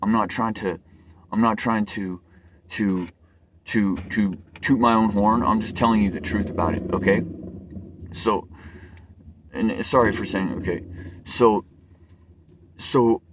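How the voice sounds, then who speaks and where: A man's voice: fairly low pitch, a little slow, pauses often, noisy background. A man telling a personal story to camera in an earnest, rambling way, often stumbling and repeating his words. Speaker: vlogger.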